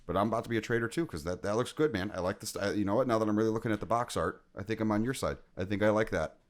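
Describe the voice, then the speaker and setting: A man's voice: on the low side, rapid-fire. A man co-hosting a gaming podcast in casual chat, rambling and joking, often breaking off mid-sentence. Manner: rambling, self-interrupting, joking. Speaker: podcast co-host.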